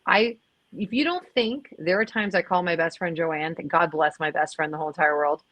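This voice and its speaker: A woman's voice: fairly low pitch, a little fast, a bit bright, no echo. A woman speaking as a podcast guest in candid, emphatic conversation, swearing now and then and restarting her sentences.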